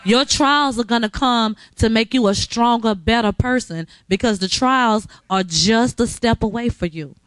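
A woman's voice: on the high side, measured pace, hardly any pauses, fairly bright tone, clean tone, no room sound. A woman at a recovery center speaking in an emotional, encouraging way to a graduate as she gives her an award. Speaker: recovery center staff member giving award. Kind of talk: heartfelt address to a graduate.

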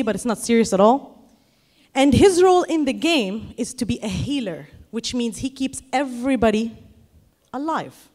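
A woman performing a stand-up comedy set on stage, telling an animated story and shouting the lines she acts out. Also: fairly high pitch. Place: comedy stage before a live audience.

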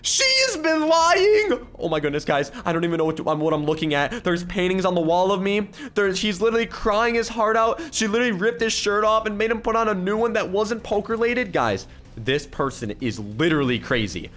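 A man hosting a gaming channel, giving excitable, exclamatory commentary as he plays and reading other players' chat aloud in his own voice. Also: high-pitched, a little fast. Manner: excitable, exclamatory, keeps repeating "oh my goodness". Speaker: YouTuber gaming host. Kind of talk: let's-play gameplay commentary.

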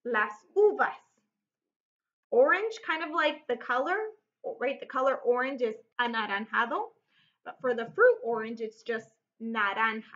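Woman, Spanish teacher, unhurried, repeats each word, higher voice, muffled lo-fi audio. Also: animated, fairly bright tone. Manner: slow, clear, repeats each word several times. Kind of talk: recorded classroom vocabulary lesson.

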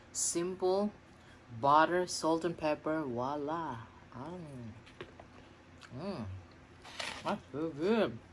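Slow, low-voiced woman on a mukbang. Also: noisy background. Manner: excited, murmuring between bites. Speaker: food vlogger. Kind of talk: mukbang eating vlog. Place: home kitchen.

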